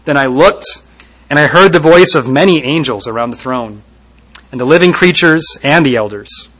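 A man preaching a sermon, retelling a scripture scene vividly and rising to loud emphasis at its peaks. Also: fairly high pitch, moderate pace, low-quality recording.

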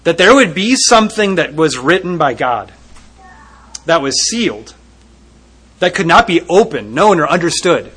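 A man preaching a sermon, retelling a scripture scene vividly and rising to loud emphasis at its peaks. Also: on the high side, very animated, moderate pace, pauses often, husky, rough recording.

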